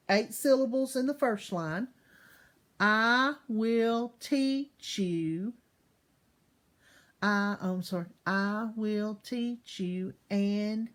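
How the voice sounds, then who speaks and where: A patient woman teaching a class of small children. She speaks at an unhurried, very slow pace in a middling voice, stretching each word so young listeners can hear every syllable. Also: mid-range voice. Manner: patient, drawn-out words, sounds out syllables.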